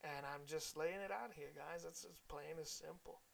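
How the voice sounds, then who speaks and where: A man's voice: fairly high pitch, moderate pace, creaky, a little hiss or hum. A man hosting his own solo podcast from his laptop and microphone, talking candidly and profanely and calling his listeners guys. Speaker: podcast host. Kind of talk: casual solo podcast monologue. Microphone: laptop with a bought microphone.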